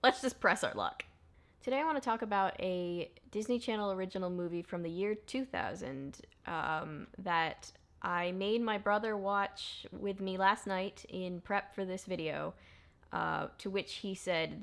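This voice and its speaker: A woman hosting a casual film review vlog, chatty and sarcastic, delivering deadpan jokes about what she is watching. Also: mid-range voice, moderate pace. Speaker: movie review host. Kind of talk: casual comedic commentary.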